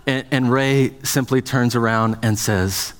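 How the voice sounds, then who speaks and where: A man's voice: mid-range voice, fairly even intonation, a little slow, smooth, long reverb tail. A man preaching a sermon as pastor, speaking conversationally with many restarts and fillers.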